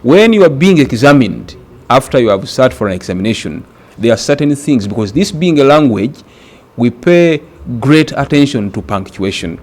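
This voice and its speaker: A man from Uganda teaching an exam-prep grammar lesson, speaking deliberately and repeating words for emphasis. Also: mid-range voice, very animated, darkish tone.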